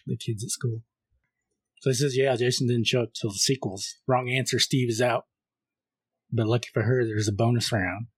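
A man co-hosting a film podcast, casually recapping a horror movie scene by scene and reading the caller's lines flatly. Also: mid-range voice, normal speed, breathy edge, no room sound. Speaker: podcast co-host.

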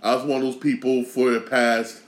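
A man from Connecticut hosting a podcast, ranting casually with slang and a lot of repetition, swinging from loud outrage to low grumbling. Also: flat delivery, normal speed, reverberant. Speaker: podcast host. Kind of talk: casual sports rant.

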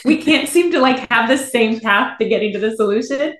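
A woman's voice: fairly high pitch, brisk, a bit bright. A young adult woman, a guest on a podcast, talking in an earnest, thoughtful way. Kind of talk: casual podcast conversation. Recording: echoey room.

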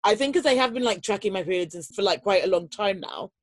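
A woman chatting casually in a calm, reflective way. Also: mid-range voice, quick pace, no echo. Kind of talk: casual chat.

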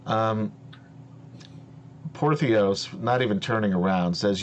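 Slow, deep-voiced male game master. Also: slight background noise. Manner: slow, hesitant narration with many fillers. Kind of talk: narrating a tabletop game.

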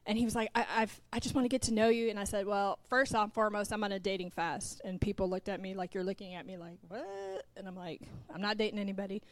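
Speaking fast with few pauses, this pastor's wife has a medium-pitched voice and no echo around her. The middle-aged preacher delivers a sermon from the pulpit, recounting something from her own life, acting out conversations, and talking straight to the congregation.

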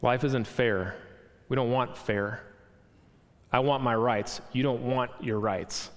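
A man's voice: mid-range voice, steady tone, takes it slowly. A man preaching a sermon, earnest, posing rhetorical questions to the congregation. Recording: long hall reverb.

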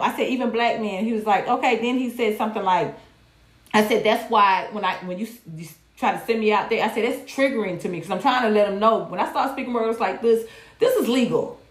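A woman talks straight to her livestream viewers, blunt and profane with animated swings. Her mid-range voice carries a roomy echo. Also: medium pitch. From Georgia, USA. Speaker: livestream host. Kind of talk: candid casual commentary.

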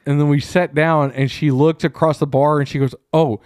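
A man co-hosting a podcast, telling a profane, animated story in casual chat. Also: fairly high pitch, fairly quick, smooth, no room sound, studio quality. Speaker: podcast co-host. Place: small room.

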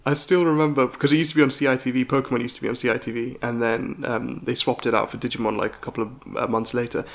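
A man's voice: medium pitch, quick pace, creaky, hardly any pauses. Laughing man telling stories. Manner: animated storyteller, laughs often. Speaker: podcast co-host. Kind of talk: casual chat.

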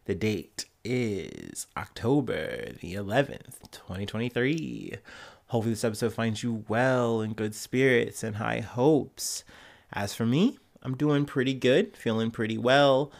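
A man's voice: mid-range voice, expressive, unhurried, gravelly. A man hosting a casual news podcast, talking with a congested, nasal voice from a cold and rambling loosely with fillers and restarts into a podcast microphone. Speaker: podcast host.

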